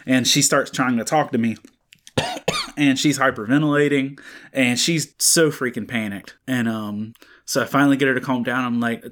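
Man, thirties, podcast co-host, casual rambling chat, mid-pitched voice, many fillers. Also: wildly swooping pitch, moderate pace, a bit bright.

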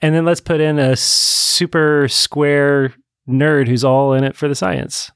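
A man's voice: fairly high pitch, steady tone, slow, clean tone, dry recording. A man co-hosting a casual podcast discussion, chiming in with dry follow-up jokes. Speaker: podcast co-host.

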